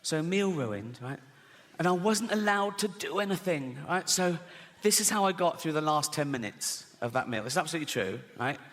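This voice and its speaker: A man's voice: fairly high pitch, expressive, normal speed, a bit bright. An English man in his sixties doing stand-up comedy, telling stories conversationally with frequent "right?" asides to the audience. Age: 60s. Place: large theater with audience. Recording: live theater recording with long hall reverb and audience. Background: audience laughter.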